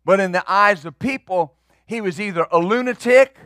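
A man's voice: high voice, moderate pace, a bit bright, dry recording, clean studio sound. A man preaching as pastor, emphatic and building in bursts, often repeating words as he drives a point home. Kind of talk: sermon.

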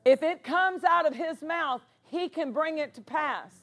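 A woman's voice: high voice, unhurried, fairly bright tone. A woman pastor preaching a sermon, driving points home by repeating words for emphasis.

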